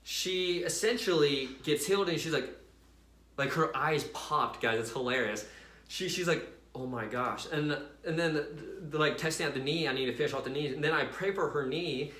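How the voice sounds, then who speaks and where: Man, chatty storytelling, bright forceful voice, fairly high, echoey room. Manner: animated, chatty, many fillers, addresses viewers as guys. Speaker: vlogger sharing a faith story. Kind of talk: casual storytelling.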